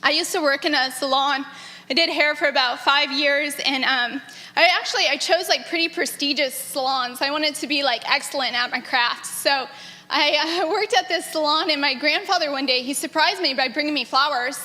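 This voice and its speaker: A woman in her thirties giving an earnest, animated personal testimony about her grandfather to a gathering, often breaking into laughter. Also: high voice, moderate pace. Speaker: granddaughter sharing memories. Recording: echoey hall.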